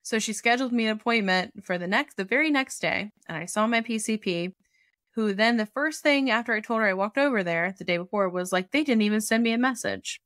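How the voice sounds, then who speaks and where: A young woman co-hosting a casual podcast, telling a story in an animated way, acting out what others said and swearing freely. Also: mid-range voice, a little fast, dry recording, studio quality. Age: young adult. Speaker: podcast co-host.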